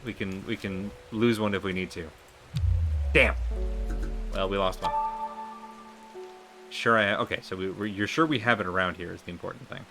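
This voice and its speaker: A man's voice: low voice, moderate pace, long pauses, music in the background. A man streaming a game live, thinking aloud and asking his viewers what to do next. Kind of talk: live gameplay commentary.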